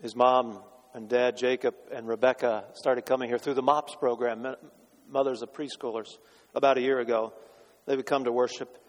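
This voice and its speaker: A man delivers a sermon in a church sanctuary, his voice carrying a long reverb through the hall. He pitches in a middling range and moves between forceful declarations and quiet, pointed questions to the congregation. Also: little pitch movement, normal speed. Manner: dramatic, swinging from loud declarations to hushed rhetorical questions. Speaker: pastor.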